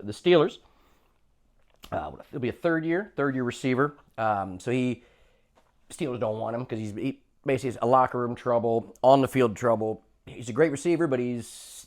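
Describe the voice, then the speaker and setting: A man's voice: medium pitch, normal speed. A man co-hosting a comedy podcast, telling rambling stories in casual chat and acting out quotes. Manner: rambling storyteller, animated, acts out quotes. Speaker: podcast co-host.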